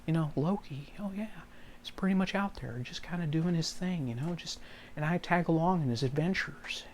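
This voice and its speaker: A man doing an impression of an easygoing man with a soft, relaxed drawl. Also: fairly high pitch, moderate pace, slight background noise, natural voice. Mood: laid-back. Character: laid-back easygoing man, mellow drawl.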